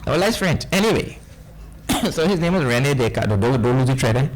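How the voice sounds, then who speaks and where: A man with a Trinidadian accent giving a spiritual discourse to a live audience, animated and often quizzing his listeners. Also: mid-range voice, brisk, very noisy. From Trinidad and Tobago. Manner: animated, questioning listeners, playful asides. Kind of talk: lively lecture on scripture.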